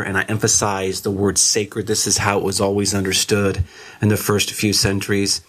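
A man who is a theology guest, explaining a topic in a measured teaching way and slowing down to stress key words. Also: lowish voice, level tone, a bit bright, breathy edge.

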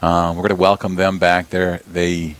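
A man's voice: deep voice, level tone, moderate pace. A man from South Dakota, a deacon, chatting casually in a radio studio interview, rambling with many restarts. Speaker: deacon and abbey representative. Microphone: studio mic with headphones.

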